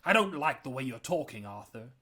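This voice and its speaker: A man's voice: fairly high pitch, moderate pace, husky. Man doing an old sea captain, sneering, whispering, stuttering, storybook reading. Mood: fearful whisper.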